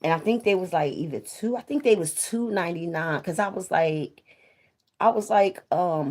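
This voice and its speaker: A woman with a fairly low voice chats to her viewers on a live stream. She talks loosely and casually, circling back over her points, and she swears freely as she goes. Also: moderate pace, a little mellow. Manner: chatty, repeats herself, swears freely. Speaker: vlogger on a livestream.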